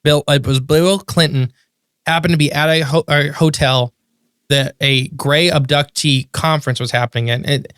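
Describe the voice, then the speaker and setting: A man in a casual podcast chat, telling a story with animated bursts of disbelief. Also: fairly high pitch, moderate pace, smooth, dry recording, clean studio sound.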